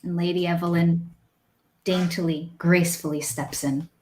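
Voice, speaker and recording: A woman narrating as dungeon master in a tabletop game, with an unhurried, easily amused manner. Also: on the low side, level tone, warm tone, reverberant, rough recording.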